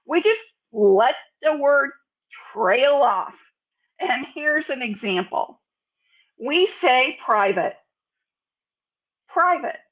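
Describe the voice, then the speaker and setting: An American woman giving a sales speaking lesson, over-enunciating example words in a deliberate, teaching manner. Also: high voice, lively intonation, highs cut off. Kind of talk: instructional talk to camera.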